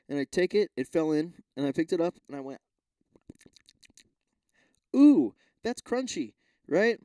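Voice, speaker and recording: A man's voice: on the high side, mellow, clear, resonant tone, no room sound, clean studio sound. A man hosting a podcast alone, rambling casually with lots of swearing, restarts and asides. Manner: rambling, profane, self-interrupting. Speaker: podcast host. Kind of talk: casual solo rant.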